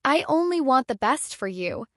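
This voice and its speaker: A cruel stepmother from a spoken storybook, harsh and threatening with a put-on sweetness she slips into at will, as a woman narrator voices her. The voice sits fairly high and sounds close and dry. It is plainly the storyteller's own voice. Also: big pitch swings, normal speed, a bit bright, no room sound. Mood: falsely sweet.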